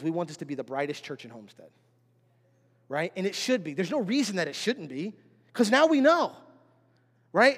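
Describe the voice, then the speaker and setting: A middle-aged male pastor preaching to his congregation in a church, conversational and often checking in with "right?" and "amen?". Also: high voice. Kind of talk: sermon. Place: church sanctuary. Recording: long hall reverb.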